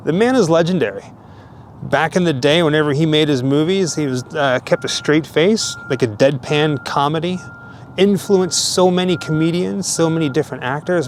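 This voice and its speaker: A man tells stories about the graves he visits in a relaxed, chatty voice, tossing in easy asides as he goes. He is recorded outdoors in a cemetery, with a light hiss in the background. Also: mid-range voice. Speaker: vlogger, host. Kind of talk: casual narration at graves.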